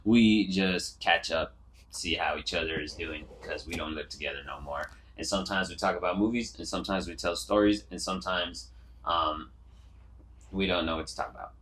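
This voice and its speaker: A young man co-hosting a casual podcast with his sister, talking in an animated, profane, teasing way, a little quiet and echoey from a misplaced mic. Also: deep voice, normal speed, a little hiss or hum. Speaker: podcast co-host. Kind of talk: casual chat.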